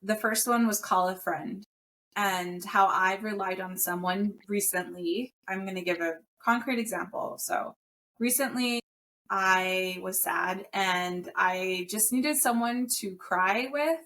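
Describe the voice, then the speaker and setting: A woman's voice: medium pitch, slow pace, a bit bright, a little hiss or hum. A woman co-hosting a podcast, speaking openly and candidly as she tells a personal story. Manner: open and candid, telling personal stories. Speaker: podcast co-host.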